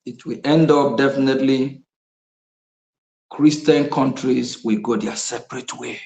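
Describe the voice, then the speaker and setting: A man's voice: medium pitch, steady tone, unhurried, gravelly, darkish tone, roomy sound, low-quality recording. A man giving an impassioned political speech, repeating his points with bursts of laughter. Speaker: activist speaker.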